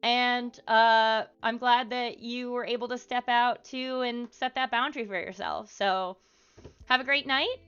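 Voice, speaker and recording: A woman's voice: on the high side, pushed and bright, clean tone, muffled recording. A woman streamer talking casually to her live chat, with lots of fillers and asides. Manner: chatty, frequent fillers.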